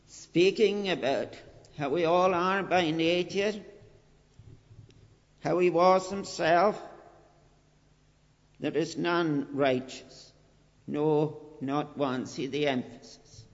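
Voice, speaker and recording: A man preaching a sermon, earnest and deliberate, repeating his phrases and rising to emphatic pleading. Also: a little high. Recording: dull lo-fi recording with long hall reverb.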